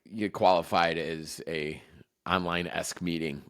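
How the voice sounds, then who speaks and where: A man in his forties, a chef appearing as a podcast guest, talks in a somewhat low voice. He rambles and corrects himself in casual chat. His delivery stays loose and conversational. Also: steady tone, unhurried, a bit bright.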